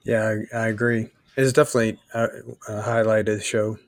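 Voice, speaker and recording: A man co-hosting a casual music podcast, agreeing often and speaking haltingly with many fillers. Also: lowish voice, level tone, dry recording, clean studio sound. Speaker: podcast co-host.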